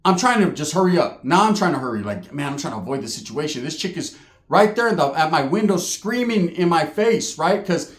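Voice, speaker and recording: A man's voice: high voice, fairly bright tone, roomy sound. Man telling a profane comedy story. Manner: profane, conversational, tags lines with "right?". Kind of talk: storytelling stand-up.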